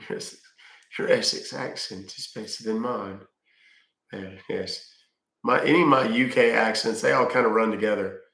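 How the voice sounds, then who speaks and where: Gravelly middle-aged man, blunt and casual. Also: fairly low pitch, normal speed, a bit bright, roomy sound. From Texas. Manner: reads viewer questions aloud and answers bluntly, dry jokes. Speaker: livestream host answering chat. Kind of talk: casual livestream chat.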